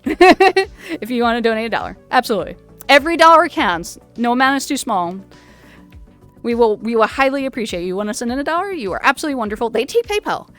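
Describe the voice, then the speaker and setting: Through a VR headset mic comes a woman's high-sitting, slightly bright voice. She's at home hosting a charity livestream in a VR chat, laughing often as she chats in a giggly, casual way.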